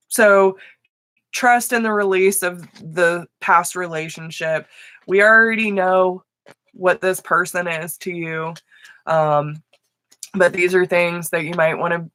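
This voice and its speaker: A woman's voice: fairly low pitch, fairly bright tone. A woman giving live tarot readings, affectionate and emotional, laughing often. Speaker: tarot reader.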